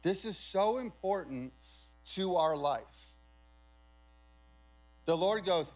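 A man's voice: high-pitched, lively intonation, slow pace, long pauses, faint music behind, rough recording. A male pastor preaching a sermon in a conversational, emphatic way, often asking the congregation questions.

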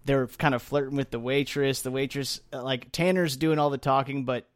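A man's voice: medium pitch, moderate pace, dry recording, studio quality. A man recapping a movie in casual chat, acting out characters' lines as he tells the story. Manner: animated retelling, acts out lines with a raised voice. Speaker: podcast co-host.

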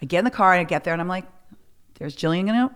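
A woman's voice: lowish voice, very fast, a bit bright. A middle-aged woman hosting a casual chat, frank and swearing freely as she acts out quoted lines. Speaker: podcast host.

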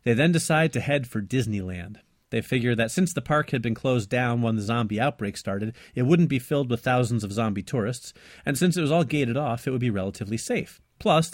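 A man's voice: mid-range voice, fairly quick, no echo, studio quality. A man co-hosting a casual movie podcast, recapping plots with enthusiasm. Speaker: podcast co-host.

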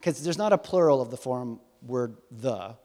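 A man preaching a sermon to a live congregation, animated and swinging from soft to loud, teasing and quizzing his listeners. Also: medium pitch, normal speed. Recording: long hall reverb.

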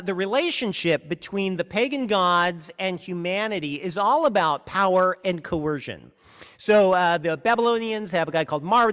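A man's voice: high voice, fairly bright tone, smooth, big-room sound. A man preaching a sermon as pastor, earnest and emphatic, often restarting his sentences.

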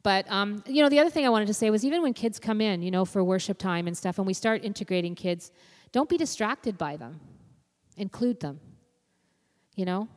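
A young woman preaches in a church sanctuary, her words ringing out with a long hall reverb. She talks loosely and conversationally, scattering "you know" through her points in a mid-pitched voice. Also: lively intonation, brisk, darkish tone. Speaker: youth and children's minister. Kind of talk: informal church sermon.

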